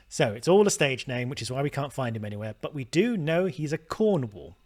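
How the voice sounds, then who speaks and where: Guy muttering through a mystery game, mid pitch, stops and restarts a lot. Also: big pitch swings, fairly quick, few pauses. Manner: thinking aloud, trailing off and restarting. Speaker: gaming video host. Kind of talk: let's play commentary.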